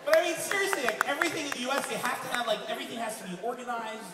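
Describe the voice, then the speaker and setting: A man from Lebanon performing a stand-up comedy set, telling stories in an animated way and acting out other people's voices. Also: very high voice, rapid-fire. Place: comedy club stage before a laughing audience. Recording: echoey distant room mic with loud crowd noise.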